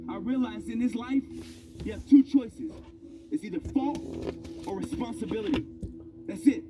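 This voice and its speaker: Guy in his 30s, fairly high voice, storytelling speech that builds up loud, music pumping behind. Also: moderate pace, long pauses, far from the mic. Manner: personal storytelling, emphatic, building to loud peaks. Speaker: motivational speaker. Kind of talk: motivational speech.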